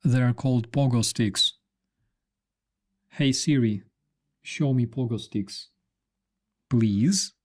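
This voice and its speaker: Unhurried man chatting on a stream. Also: medium pitch. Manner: rambling, lots of fillers and restarts. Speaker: live stream host. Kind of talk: casual live stream chat.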